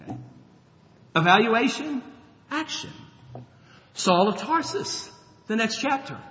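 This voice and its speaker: Man, preacher, sermon, lively storytelling, long echo of a church hall. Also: very high-pitched, slow. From grew up on a farm. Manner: animated storytelling, acts out Bible characters, chuckles. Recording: dull lo-fi sound with long hall reverb.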